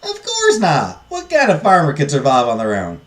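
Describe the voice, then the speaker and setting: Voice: medium pitch, huge pitch swings, normal speed, echoey room, recorded from a distance. A game streamer voicing a frank, strong-willed teenage farm girl. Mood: matter-of-fact.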